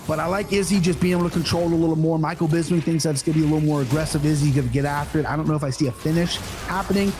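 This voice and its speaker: A man co-hosting a sports show, making his pick in an animated, profane and emphatic way. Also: fairly high pitch, rapid-fire, few pauses. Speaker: podcast co-host. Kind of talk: excited sports betting chat.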